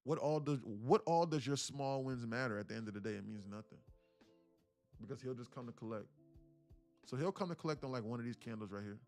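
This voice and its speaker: A fast-talking man with a creaky voice hosts a day-trading livestream, pausing often as faint music plays behind him. He chats casually in slang and animatedly acts out little scenes with voices, then sinks into a low mutter while reading the chart.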